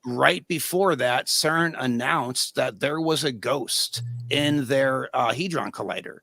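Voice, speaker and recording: A man's voice: mid-range voice, takes it slowly, vocal fry, bright, forceful tone, dry recording. A man in a casual conspiracy chat, telling things in a wry, emphatic way.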